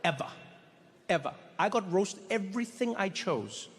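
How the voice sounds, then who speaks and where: A man doing stand-up storytelling on stage, animated, with stammered restarts. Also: high-pitched, normal speed. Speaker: stand-up comedian. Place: large performance hall. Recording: live hall reverb, faint noise.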